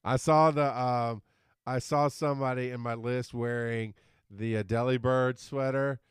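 A man's voice: mid-range voice, fairly even intonation, a little slow, smooth, no room sound, studio quality. A middle-aged man co-hosting a casual podcast chat, rambling and stumbling over words. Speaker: podcast co-host.

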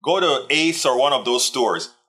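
A man's voice: mid-range voice, animated, moderate pace, pushed and bright. A man hosting a casual live stream, chatting in a rambling way and reading out viewer comments. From Texas. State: tired, sore back. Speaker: livestream host.

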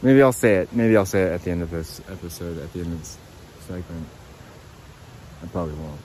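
Low-voiced man rambling outdoors. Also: a little fast, darkish tone, slight background noise, low-quality recording. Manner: rambling, swears freely, self-mocking. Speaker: podcast host. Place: outdoors by a creek.

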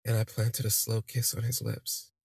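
Candid man with a husky, gravelly voice. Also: on the low side, monotone, moderate pace, no echo. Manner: candid, rambling, frequent fillers. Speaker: podcast host. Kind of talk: personal storytelling.

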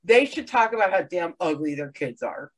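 A woman from Alabama, a podcast guest who trades sassy, deadpan comebacks. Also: on the low side, moderate pace, a little hiss or hum. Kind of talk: casual podcast chat.

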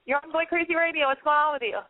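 A woman's voice: sits high, steady tone, rapid-fire. A woman hosting a casual call-in advice radio show, chatty and frank, swearing freely. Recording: dry, phone-like narrow band.

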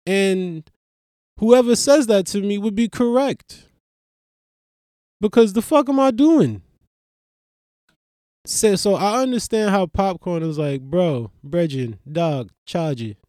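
Profane, rambling comedian man, slow and dry. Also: high voice, no echo. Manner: rambling, profane, animated storytelling with voiced asides. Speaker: comedian, podcast host. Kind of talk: casual comedic monologue.

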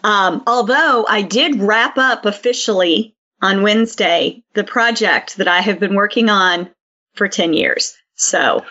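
A woman's voice: medium pitch, measured pace, pushed and bright. A woman co-hosting a podcast, chatty with lots of ums. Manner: chatty, many fillers. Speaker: podcast co-host. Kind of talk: casual chat. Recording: dull lo-fi sound.

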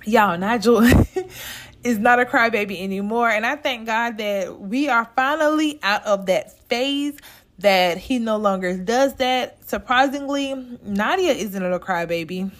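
A woman's voice: fairly high pitch, measured pace. Chatty woman. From Southern United States. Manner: chatty and direct, talks straight to listeners as "y'all". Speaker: podcast host. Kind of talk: casual podcast monologue.

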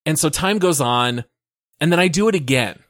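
A man in casual podcast chat, relaxed and amused, prompting his co-host through the story. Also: fairly high pitch, normal speed, no echo, studio quality.

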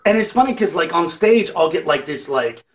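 A man's voice: fairly high pitch, lively intonation, brisk, poor audio. A man, a musician guest, chatting casually in an interview and rambling with lots of fillers and acted-out quotes.

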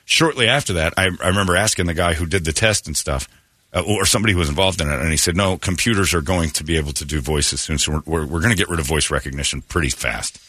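Deep husky man chatting on radio. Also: quick pace, no echo. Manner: storytelling, animated, slips into impressions. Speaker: radio show host. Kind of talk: casual radio banter.

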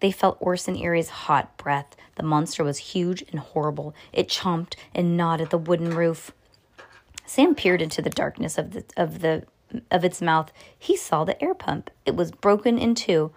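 Woman, low-set voice, expressive read-aloud of a kids' book, animated dialogue. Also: normal speed, creaky. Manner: casual asides about the book. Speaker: reader. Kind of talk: reading a children's book aloud.

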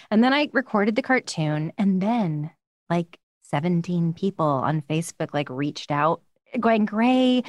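A woman chatting as a guest in an interview, recorded from her home studio, telling animated stories and acting out the voices of the people she quotes. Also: mid-range voice, moderate pace, no room sound. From United States. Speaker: guest voice actor. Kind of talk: casual interview chat. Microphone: studio microphone.

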